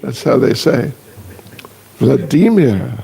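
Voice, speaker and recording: An older man, a visiting monk, speaking to a congregation in a slow, teasing, self-deprecating way. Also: fairly high pitch, expressive, gravelly, a little mellow. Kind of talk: casual joking address to a congregation.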